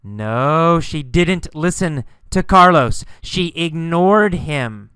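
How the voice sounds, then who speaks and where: A man teaching English through a mini story, asking and answering simple questions in a slow, deliberate way. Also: on the high side, expressive, fairly bright tone, smooth, no echo, clean studio sound.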